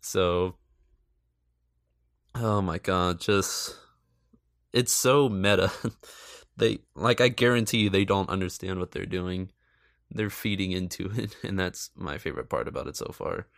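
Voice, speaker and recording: Sarcastic, profane man with a gravelly voice. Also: low voice, measured pace, pauses often, a bit bright, dry recording, studio quality. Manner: sarcastic, profane, laughs often. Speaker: movie reaction commentator. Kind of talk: casual film review commentary.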